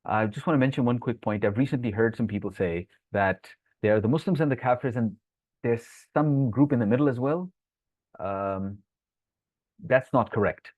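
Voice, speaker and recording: A man's mid-range, darkish voice comes through a dry, tinny, phone-like recording without echo. He is an Islamic teacher giving a live Quran lesson online, explaining point by point, answering viewers' chat comments, and reciting Arabic verses quickly between English explanations.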